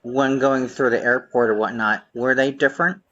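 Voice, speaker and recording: A man's voice: mid-range voice, fairly even intonation, moderate pace, sharp tone, dull audio. A man interviewing a guest in casual chat, prompting with short questions.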